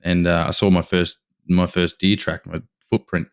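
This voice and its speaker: An Australian man tells a story on a podcast, his voice very deep and smooth. He speaks in a fairly flat tone and rambles eagerly, restarting his sentences as he goes. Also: normal speed. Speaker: podcast guest. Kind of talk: casual storytelling.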